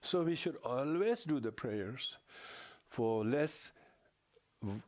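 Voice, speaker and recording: An older man giving a dharma talk as a Buddhist lama, halting and often restarting his words. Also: medium pitch, expressive, darkish tone.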